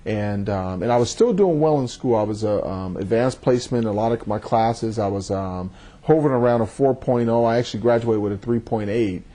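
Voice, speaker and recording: A man, a judge, giving thoughtful and measured interview answers, often repeating words as he starts a thought. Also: fairly low pitch, dark tone.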